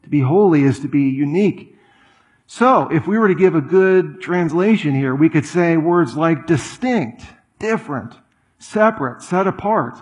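Man, middle-aged pastor, sermon, casual asides, slightly high voice. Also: lively intonation, darkish tone. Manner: conversational preaching with asides and quick repetitions.

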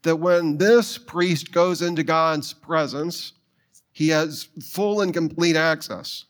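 A middle-aged man preaching a sermon, telling a personal story and putting quick questions to his listeners. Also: a little high. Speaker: pastor.

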